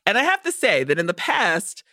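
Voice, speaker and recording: A woman co-hosting a film podcast, ranting in a lively, profane rush with a voice that swings up and down. Her tone is bright and forward. The sound is close and dry. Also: medium pitch, brisk, dry recording. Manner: animated, profane ranting with acted-out quotes. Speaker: podcast co-host. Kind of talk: casual movie-review chat.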